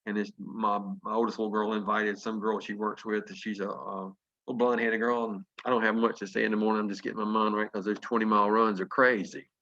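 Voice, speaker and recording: A man's voice: lowish voice, flat delivery, fast talker, bright, forceful tone, highs cut off. A Southern man in his fifties from North Carolina, telling earnest, folksy stories as a motivational speaker on a video call. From North Carolina, USA. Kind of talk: motivational storytelling.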